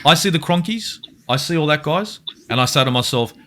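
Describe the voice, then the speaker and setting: An Australian man hosting a podcast in casual chat, animated and swearing freely. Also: fairly high pitch, a little fast. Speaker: podcast host.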